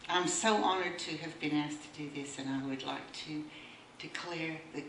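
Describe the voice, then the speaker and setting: A woman's voice: deep voice, a little fast, fairly bright tone, distant mic. A woman giving a wry speech at a book launch and reading a poem aloud. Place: bookshop room. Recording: echoey room recorded from afar, faint noise.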